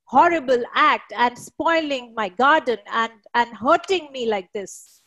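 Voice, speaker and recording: A woman's voice: fairly high pitch, expressive, unhurried, a bit bright. A woman voicing an angry male emperor who sternly accuses a servant. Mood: accusing.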